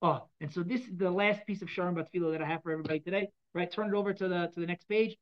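A woman's voice: fairly low pitch, rapid-fire, lo-fi sound. A woman teaching a text lesson to a class, explaining and often asking the students if they follow. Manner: explanatory, asks the class questions. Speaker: Torah teacher.

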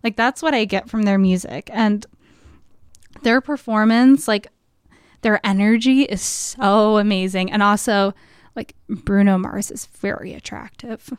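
A woman's voice: mid-range voice, a little slow, clear, resonant tone, dry recording. A young adult woman hosting a podcast from a college radio studio, rambling casually with constant "like" fillers and frequent laughs. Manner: chatty, filler-heavy with frequent "like", laughs often. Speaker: podcast host.

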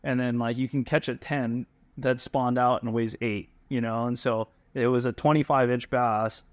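A man from Hawaii, a pro bass angler, telling fishing stories as a guest in a casual, animated way with lots of fillers. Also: normal speed, dry recording. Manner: animated, full of fillers and restarts. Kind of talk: casual storytelling.

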